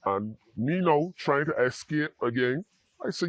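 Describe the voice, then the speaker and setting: A man speaks in a dry, close voice with an earnest, halting delivery. He often restarts and repeats words as he works through a personal testimony. His pitch sits in an ordinary middle range for a man. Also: dry recording. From Barbados. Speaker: interview guest in addiction recovery.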